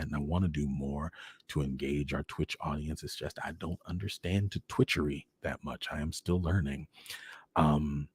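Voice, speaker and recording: A man hosting his own livestream, talking earnestly and expressively to his viewers and often dropping into hushed, near-whispered phrases. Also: very deep voice, slightly rough, dry recording. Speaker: host. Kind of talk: heartfelt direct-to-camera livestream talk.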